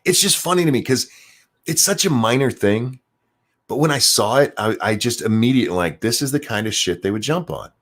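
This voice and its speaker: A man's voice: mid-range voice, lively intonation, a little fast, a bit bright. A man giving casual ranting commentary as host of his own show, sarcastic and swearing freely, often repeating words as he gets worked up. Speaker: commentary streamer.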